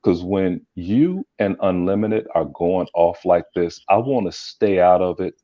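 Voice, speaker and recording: A man's voice: deep voice, measured pace, dark tone, no echo. A man joining as a guest in a casual chat, laid-back and rambling with restarts. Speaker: podcast guest. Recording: dull dry lo-fi sound.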